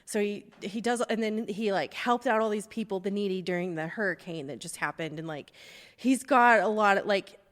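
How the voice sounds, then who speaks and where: A woman's voice: mid-range voice, moderate pace. A middle-aged woman chats on a podcast, rambling through a story with plenty of laughter. Her voice sits in a middle register. The recording has a long, ringing reverb. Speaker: podcast host. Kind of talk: casual chat.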